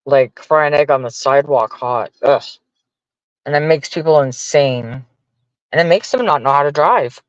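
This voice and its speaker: A fed-up man vents to his livestream chat, dropping curses and grumbling in a somewhat high voice. The sound is dry and close, with no room around it. The audio is a bit dull and lo-fi. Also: moderate pace, dry recording. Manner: profane, exasperated ranting. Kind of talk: casual venting to viewers.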